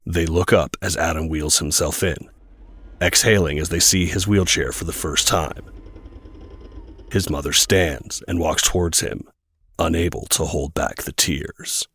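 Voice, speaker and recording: A man narrating an audio drama in a measured, descriptive way. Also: a bass voice, a bit bright, slightly rough, dry recording, clean studio sound. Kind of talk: scripted narration.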